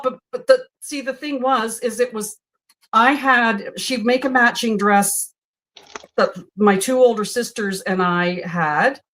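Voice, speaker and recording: A woman's voice: mid-range voice, fairly bright tone, slight background noise. A woman in her sixties hosting a sewing stream, chatting in a storytelling way while she works. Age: 60s. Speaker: host. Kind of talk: casual chat while sewing.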